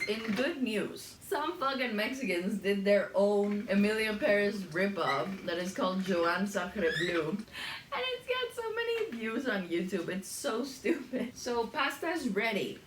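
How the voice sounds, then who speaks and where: A woman's voice: mid-range voice, slight background noise. A woman hosting a cooking video, gossiping bluntly and swearing freely as she cooks in her home kitchen. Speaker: cooking channel host. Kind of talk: casual rant while cooking. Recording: roomy kitchen echo.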